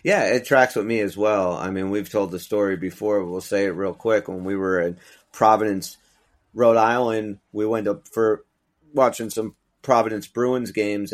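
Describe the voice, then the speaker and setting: Middle-aged male podcast co-host, low voice, loose profane storyteller. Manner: rambling storyteller, profane, gropes for names. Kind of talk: casual chat.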